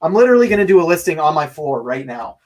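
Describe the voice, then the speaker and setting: A young man, an online reseller, chatting casually and excitably to his live-stream viewers, laughing often and talking straight to them. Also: a little high, fast talker. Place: home office.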